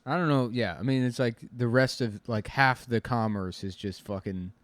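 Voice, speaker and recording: A man's voice: mid-range voice, normal speed, no room sound. A man co-hosting a podcast, rambling through crude comic riffs in casual banter. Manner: rambling, crude, jokey, puts on silly voices. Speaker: podcast co-host.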